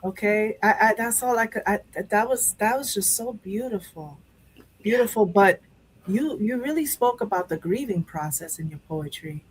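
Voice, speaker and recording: A woman's voice: mid-range voice, moderate pace, breathy edge, poor audio. A woman hosting a live talk show, speaking candidly and emotionally about grief, rambling with many restarts. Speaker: show host.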